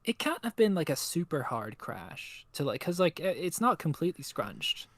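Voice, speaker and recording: A man's voice: fairly high pitch, big pitch swings, normal speed, a bit bright, dry recording. A man co-hosting a live stream, chatting playfully and riffing with exaggerated jokes. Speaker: streamer co-host. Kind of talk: casual live-stream chat.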